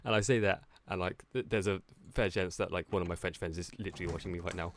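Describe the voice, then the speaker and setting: British man, young adult, gravelly low voice, slightly scratchy, casual teasing stream chat, faint background hiss. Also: fairly even intonation, quick pace. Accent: British English. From Britain. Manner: joking, teasing chat with viewers. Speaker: streamer playing a horror game. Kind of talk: casual gameplay chat with viewers.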